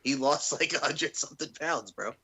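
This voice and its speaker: A man co-hosting a wrestling podcast in casual chat, loud, excitable and profane as he rants. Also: fairly high pitch, moderate pace, slightly rough. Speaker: podcast co-host.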